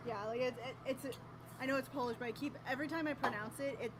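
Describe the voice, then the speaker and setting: A woman's voice: sits high, fairly even intonation, fast. A woman streamer in casual chat, rambling and self-mocking, often laughing at herself.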